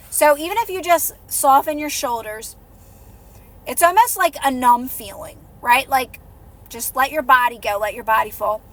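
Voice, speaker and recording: A woman hosting a live stream, giving soothing, repetitive encouragement in a casual coaching talk. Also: high-pitched. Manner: soothing, repetitive, encouraging, drops softer when guiding calm. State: out of breath. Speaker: livestream host and manifestation coach.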